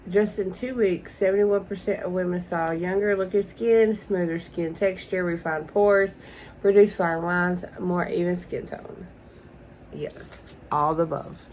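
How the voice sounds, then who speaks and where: A woman's voice: lowish voice, steady tone, measured pace, darkish tone, slight background noise, rough recording. A young woman unboxing beauty products in a casual vlog, gushing and emotional and calling her viewers "y'all". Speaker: beauty vlogger.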